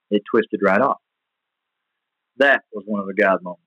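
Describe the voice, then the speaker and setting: A young man telling a personal story in a casual, rambling way, full of restarts and fillers, then getting animated as it builds. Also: medium pitch, moderate pace, no echo, highs cut off. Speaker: guest sharing testimony.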